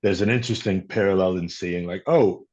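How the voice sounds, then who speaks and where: Deep-voiced actor guy from chicago telling stories in an interview, a bit muffled lo-fi sound. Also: a little fast, darkish tone. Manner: reflective, storytelling with quoted voices. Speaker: actor guest. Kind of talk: casual interview talk.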